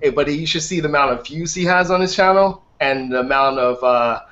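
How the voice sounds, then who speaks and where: A man with a slightly high voice rambles through casual group talk, filling it with "like". His voice comes through a dull, lo-fi recording. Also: brisk, fairly bright tone. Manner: rambling, uses "like" a lot. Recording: dull lo-fi audio.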